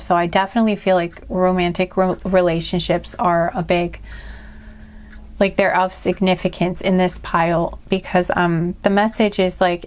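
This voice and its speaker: A woman talks straight to the camera in a casual spiritual card reading, with a voice of ordinary middle pitch. She is earnest and heartfelt. She rambles and restarts her sentences often, with plenty of fillers along the way. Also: darkish tone. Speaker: tarot and oracle card reader.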